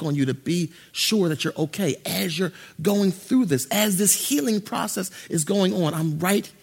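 A male pastor preaching a sermon, swinging from loud, excited preaching to low, hushed tones. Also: normal speed, vocal fry, few pauses, husky.

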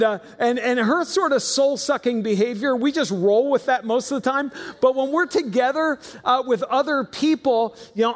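A middle-aged man preaching a sermon as pastor, telling a family story with folksy, wry humor. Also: very high voice. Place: church auditorium. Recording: long reverb of a large hall.

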